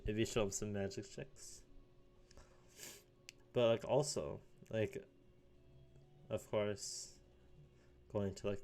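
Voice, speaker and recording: A man's voice: on the low side, dark tone. A young man in his late teens rambling casually in a solo vlog, full of fillers and little chuckles. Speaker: vlogger.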